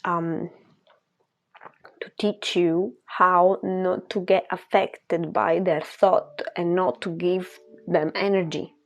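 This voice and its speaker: A woman's voice: lowish voice, fairly even intonation, slow. A woman speaking as a spiritual coach in a casual monologue, emphatic and repetitive, laughing between phrases.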